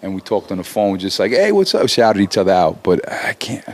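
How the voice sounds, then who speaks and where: A man's voice: low-pitched, fairly quick. A man in his forties, a rapper talking as an interview guest, swearing freely and restarting his sentences as he gets worked up. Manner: animated, swearing, many restarts. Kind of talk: profane casual interview talk.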